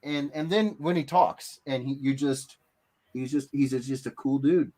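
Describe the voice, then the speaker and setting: A man hosting a casual livestream art giveaway, talking in an animated, rambling way with many fillers and restarts. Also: medium pitch, measured pace.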